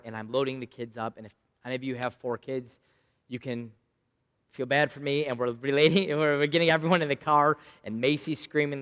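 A man in his thirties preaching a sermon, telling a personal story with loud bursts and quiet asides. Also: medium pitch, smooth, in a large hall. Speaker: pastor.

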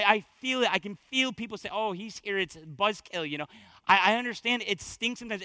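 A man preaching a sermon as pastor, swinging from hushed, low passages to fervent, building exhortation and repeating phrases for emphasis. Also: no room sound.

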